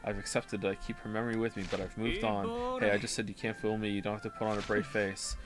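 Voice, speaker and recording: A man voicing a guarded, grieving young woman fighter in quiet, subdued tones, with game music behind. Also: lowish voice, animated, fast, pitched below the performer's own voice, natural voice.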